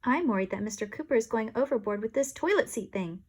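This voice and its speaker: Lady playing a serious little know-it-all girl, huffy, pitch jumps around. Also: animated, fast talker, slightly rough. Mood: earnest. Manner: earnest, huffy, a bit bossy. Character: fussy schoolgirl, serious and bossy.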